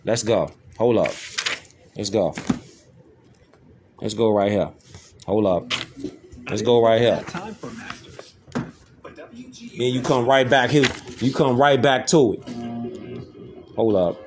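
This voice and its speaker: A man's voice: fairly low pitch, slow, pauses often, music in the background. A man hosting, giving emphatic commentary over images and clips, repeating himself to drive points home. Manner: insistent, repetitive, keeps asking "see that?".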